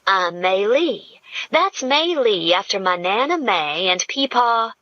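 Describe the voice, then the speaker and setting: Woman doing a husky Southern drawl girl. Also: mid-range voice, lively intonation, slow pace, a bit bright, dry recording, lo-fi sound, voice pushed up. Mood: chirpy. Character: bubbly southern young woman assistant, dreamy and odd.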